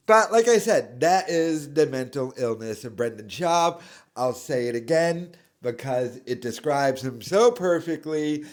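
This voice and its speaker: A man delivering a scathing reaction rant, slow and deliberate, each insult landing with contempt. His voice sits a little on the high side for a man. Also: expressive. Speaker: reaction commentator. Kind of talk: ranting reaction commentary.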